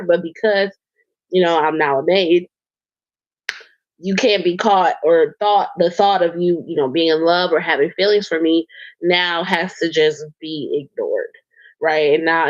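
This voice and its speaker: A woman's voice: lowish voice, dry recording, highs cut off. A woman co-hosting a podcast, recapping a show in loose casual chat, swearing and laughing as she rambles with fillers. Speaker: podcast co-host.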